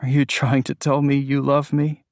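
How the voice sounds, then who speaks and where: A man's voice: medium pitch, monotone, normal speed, dry recording, studio quality, voice pushed up, natural voice. Man voicing a teasing, tender young man. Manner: playful, joking.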